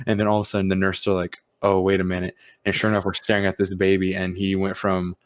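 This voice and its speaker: A man's voice: sits low, monotone, fast talker, no echo, clean studio sound. A man hosting a podcast, telling a casual story with acted-out quotes and plenty of swearing. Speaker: podcast host. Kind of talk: casual chat.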